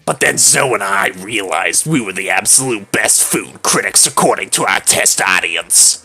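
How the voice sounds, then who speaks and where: A man voicing a haughty, imperious young princess with a slow, drawling, lordly delivery, as a game character on a stream. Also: lowish voice, animated, gravelly, bright, forceful tone, breathy edge, soft background music, voice pushed down, full character voice, poor audio.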